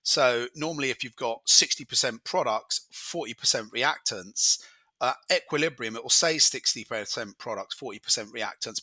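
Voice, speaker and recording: A man's voice: mid-range voice, sharp tone, no room sound. A man tutoring chemistry, talking casually through exam questions as he works them out aloud. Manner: chatty, talks through working aloud. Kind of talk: exam walkthrough lesson.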